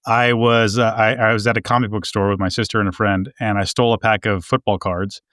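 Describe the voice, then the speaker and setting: Candid, low-voiced man telling stories. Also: fairly quick, no echo, clean studio sound. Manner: candid storyteller, relaxed and self-deprecating. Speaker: podcast co-host. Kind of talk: casual conversational podcast.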